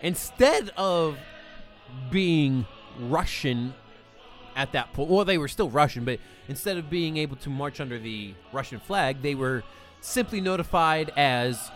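A man's voice: on the high side, animated, unhurried, a bit bright, soft background music. A man co-hosting a casual comedy podcast, trading crude, teasing banter with his friend. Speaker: podcast co-host. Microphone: headphones and computer mic.

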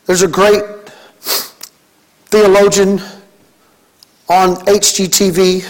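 A pastor from Mississippi preaching a sermon, with emphatic, rhythmic repetition and spoken prayers. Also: male voice, high-pitched, level tone, takes it slowly, rough recording.

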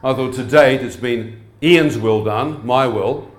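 A man telling his testimony as a lively sermon to a live audience, joking and often asking the crowd questions. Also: medium pitch, a little slow. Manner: humorous, asks the crowd frequent questions. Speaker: preacher giving testimony. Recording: echoey hall.

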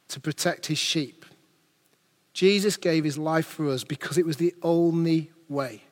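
A man's voice: a little high, long reverb tail. A man preaching a sermon as pastor, earnest and building his points through rhetorical questions.

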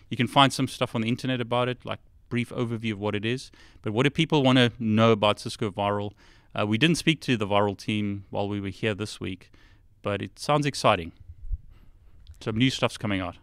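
A man's voice: fairly low pitch, brisk, a bit bright, clear, resonant tone, no echo. Casting: chatty South African man, co-host, laughs easily, close dry mic. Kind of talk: casual live chat.

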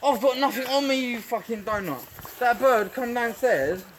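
A man's voice: extremely high pitch, moderate pace. A young man ranting and swearing at someone on the phone in the street, repeating his complaints over and over. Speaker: passer-by on the phone. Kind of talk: heated phone call in the street. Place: outdoors in the street. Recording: noisy outdoor street recording.

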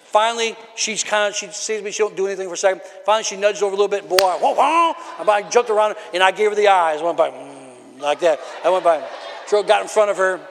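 A man pastor preaching a conversational sermon from the platform, building into shouted bursts. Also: high voice, fairly even intonation, very fast, slight background noise. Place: church sanctuary. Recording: long hall reverb of a church.

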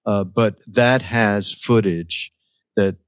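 An older man with a very low, deep voice, recorded dry and close. He tells his stories reflectively and acts out the people he quotes. The conversation is casual. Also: slow, clean tone, no room sound. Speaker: podcast guest.

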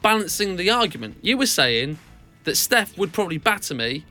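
Lively high-voiced man teasing on radio. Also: normal speed, faint music behind. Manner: teasing, animated, laughs often. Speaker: radio show co-host. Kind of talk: casual radio banter. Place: radio studio.

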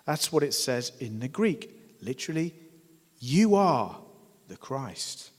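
A man preaching a sermon, emphatic, swelling to loud declarations and asking his listeners rhetorical questions. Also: mid-range voice, very animated, slow pace. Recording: long hall reverb.

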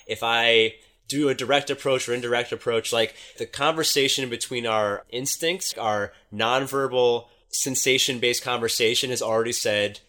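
A man on a casual podcast, telling a dating story in an animated way and swearing freely. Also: medium pitch, moderate pace. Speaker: dating coach.

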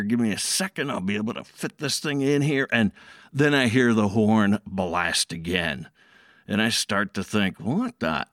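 A man's voice: medium pitch, a bit bright, dry recording, clean studio sound. A man voicing a male garage mechanic who earnestly and folksily recounts an incident from his own work. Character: male garage mechanic telling a regretful story. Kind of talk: storytelling.

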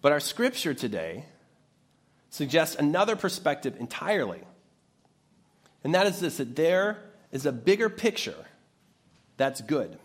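A man's voice: a little high, very animated, measured pace, pauses often, slightly rough. A man preaching an Easter sermon, reading a scripture passage aloud and then explaining it in plain terms. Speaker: pastor.

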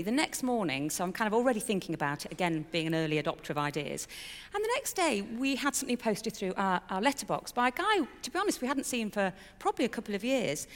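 With a medium-pitched voice trailing off into long reverb, a middle-aged woman gives a personal testimony. Her storytelling is frank and conversational, full of fillers and lightly self-deprecating.

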